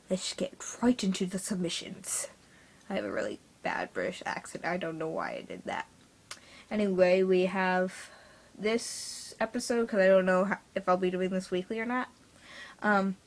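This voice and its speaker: A woman's voice: on the low side, gravelly. Woman, vlogger reviewing reader submissions, rambling and filler-heavy, blunt yet apologetic. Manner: blunt but apologetic critique. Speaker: fan fiction reviewer. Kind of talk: casual vlog review.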